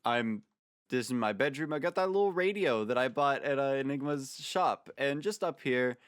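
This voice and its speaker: A man's voice: medium pitch, animated, normal speed, clear, resonant tone, no room sound, studio quality. A man giving casual gameplay commentary as a video creator, jokey and rambling, with playful asides.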